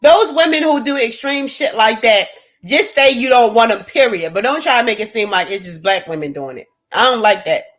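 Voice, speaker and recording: A woman's voice: lively intonation, normal speed. Blunt, profane woman ranting on a livestream. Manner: blunt, profane, swings between loud and low. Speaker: livestream host. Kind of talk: casual livestream rant.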